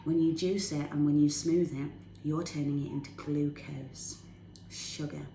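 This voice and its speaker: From her home kitchen, a woman fitness tip vlogger offers bubbly, casual healthy-eating tips to camera, enthusiastic and laughing as she talks. Her voice is deep and dark with vocal fry, fairly even intonation and a measured pace, in an echoey room with faint ambience and a little hiss or hum.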